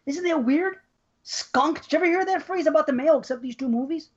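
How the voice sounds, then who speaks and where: A woman co-hosting a casual movie podcast, telling animated, profane stories about films she loves. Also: high voice, quick pace. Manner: animated, profane, chatty storyteller. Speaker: podcast co-host. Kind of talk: casual movie discussion chat. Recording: dull lo-fi recording.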